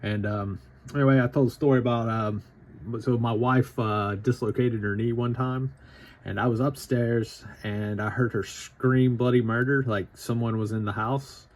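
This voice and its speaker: A man's voice: medium pitch, steady tone, normal speed, a little mellow. A man in his thirties with an Appalachian Southern drawl, telling a casual anecdote in a rambling, profane way full of fillers. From Southern United States. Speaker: storytelling vlogger.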